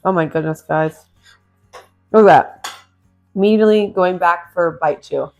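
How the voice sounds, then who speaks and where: A woman's voice: fairly low pitch, a little slow, long pauses, a little mellow, faint music behind. Chatty woman hosting a cooking video. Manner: chatty, enthusiastic, addresses viewers as guys. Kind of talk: casual cooking demonstration. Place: home kitchen.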